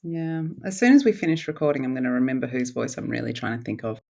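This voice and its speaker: Low-voiced, teasing woman co-host. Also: fast talker, gravelly, a little mellow. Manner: playful, teasing questioner. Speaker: podcast co-host. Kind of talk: casual conversational podcast.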